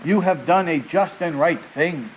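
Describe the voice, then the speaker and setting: Brief: kindly rabbi puppet for kids, a man voicing it, husky and high-ish, patient teacher. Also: measured pace, poor audio. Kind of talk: children's puppet show.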